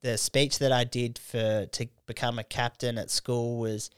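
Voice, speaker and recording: A young man chats on a podcast with a smooth, resonant voice, recorded dry and close. He tells stories with energy, acts out the people in them and laughs often. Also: mid-range voice, a little slow, dry recording. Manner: animated storyteller, slips into quoted voices, laughs often. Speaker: guest comedian. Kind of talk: casual podcast chat.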